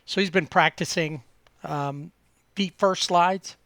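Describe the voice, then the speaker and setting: A man's voice: high-pitched, slow pace, fairly bright tone, no room sound. A man co-hosting a podcast, chatting casually and rambling with many fillers and restarts. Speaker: podcast co-host. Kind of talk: casual sports chat.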